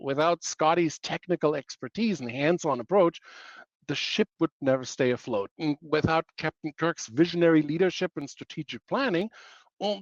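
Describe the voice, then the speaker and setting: A man's voice: fairly high pitch, no room sound, lo-fi sound. A man presenting a webinar in a playful way, packed with pop-culture analogies and self-mocking asides.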